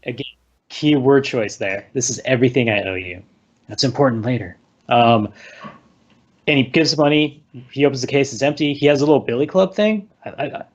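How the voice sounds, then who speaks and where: A man co-hosting a movie podcast, casually retelling the plot in a rambling way and acting out lines with quick laughs. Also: mid-range voice, animated. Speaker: podcast co-host recapping a movie. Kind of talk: casual chat. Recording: slightly dull lo-fi recording.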